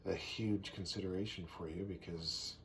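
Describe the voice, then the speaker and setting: A man casually teaching songwriting, thinking aloud and sometimes clearing his throat. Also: sits low, fairly even intonation, normal speed. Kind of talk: casual teaching with sung demonstrations. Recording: faint background noise.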